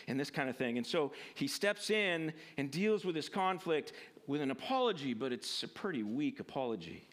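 A man's voice: medium pitch, normal speed. A man preaching a sermon, reading a Bible passage and explaining it in a conversational way, with fillers and self-corrections, sometimes acting out the people in the story. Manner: animated, acts out the people in the story with a raised voice. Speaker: pastor.

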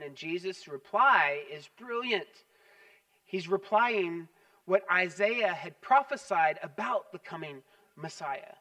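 A pastor preaching a sermon, telling stories with animated, emphatic repetition. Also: male voice, on the high side, measured pace, far from the mic.

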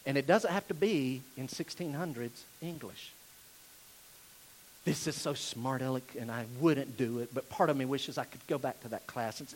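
A man from North Carolina, preaching a sermon emphatically and dropping from loud declarations to hushed asides. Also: medium pitch, normal speed, poor audio. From Asheville, North Carolina, USA. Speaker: pastor.

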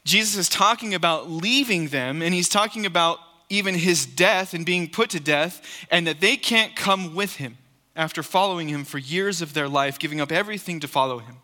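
A man's voice: a little high, normal speed, pushed and bright, big-room sound. A man preaching a sermon as pastor in a church, earnest and emphatic, repeating key phrases for weight. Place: church sanctuary.

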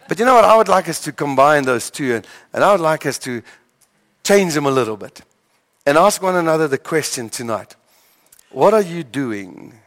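A male pastor preaching a sermon, telling stories with dramatic pauses and stammered repeats. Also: on the high side, a bit bright. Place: church hall. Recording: long hall reverb.

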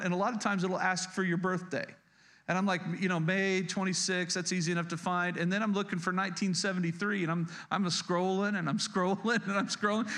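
Talking directly to his flock, this roughly fifty-year-old pastor delivers a folksy, humorous sermon, frequently repeating and restarting words. His voice sits high with a fairly bright tone.

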